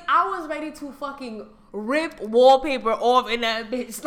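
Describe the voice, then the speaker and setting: A young woman co-hosting a podcast, telling a story in casual chat with lots of profanity and sudden loud outbursts. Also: sits high, measured pace, a little hiss or hum. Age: young adult. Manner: animated, swings to loud outbursts and mock voices; heavy profanity, slangy. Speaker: podcast co-host.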